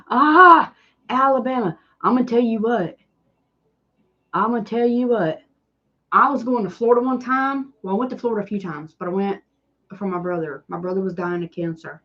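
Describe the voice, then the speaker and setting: Southern country woman, chatty DIY streamer, sarcastic, mid-pitched, slightly dull audio. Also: moderate pace. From Tennessee. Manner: chatty, self-deprecating, sarcastic. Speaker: DIY channel host doing a live stream. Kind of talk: casual chat with viewers.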